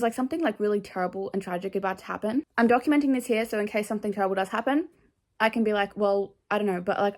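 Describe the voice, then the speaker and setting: A woman's voice: mid-range voice, a little mellow. A young woman vlogging casually about books, chatty and rambling with lots of fillers. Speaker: book vlogger. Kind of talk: casual vlog chat.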